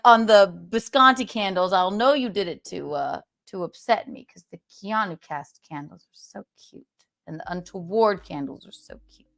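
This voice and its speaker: A woman's voice: medium pitch, moderate pace, gravelly, fairly bright tone, soft background music. A woman hosting a livestream in casual chat, playful and talkative, often restarting her sentences. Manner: chatty and playful, with many restarts. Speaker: livestream host.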